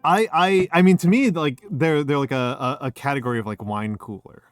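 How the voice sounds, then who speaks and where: A man's voice: fairly high pitch, fairly quick, dry recording, faint music behind. A middle-aged man hosting a casual drinking stream from home, rambling and swearing as he keeps interrupting himself. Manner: rambling, profane, self-interrupting. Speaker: streamer host.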